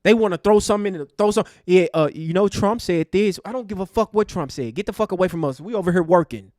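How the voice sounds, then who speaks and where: A man's voice: sits high, fast talker, darkish tone, no echo, studio quality. A man hosting an online show, delivering a fiery, preachy rant to his live chat. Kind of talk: impassioned livestream rant.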